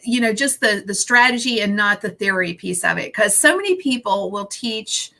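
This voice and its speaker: A woman's voice: medium pitch, animated, normal speed, vocal fry, bright, forceful tone. A woman hosting a podcast in casual interview conversation, reassuring and asking pointed questions. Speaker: podcast host.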